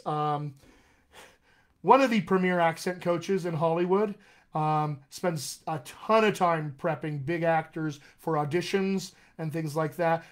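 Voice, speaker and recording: American man, fairly high voice, rambling and friendly as he hosts a live-stream coaching session. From United States. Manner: chatty, rambling, addresses viewers by name. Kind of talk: casual live-stream chat to viewers.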